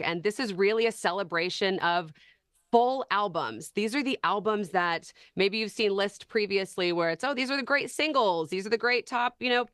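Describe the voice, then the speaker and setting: A woman's voice: lowish voice, a bit bright, dry recording, studio quality. A woman appearing as a guest on a television talk show, chatting about music with bubbly enthusiasm. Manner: enthusiastic, conversational. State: slightly parched. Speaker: radio host, guest.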